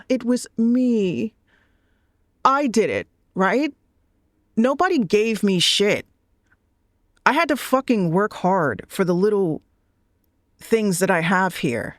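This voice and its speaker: A woman's voice: mid-range voice, dry recording, clean studio sound. A woman VTuber ranting bluntly, swearing often and repeating her points. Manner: blunt, profane, repeats phrases. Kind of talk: ranting monologue.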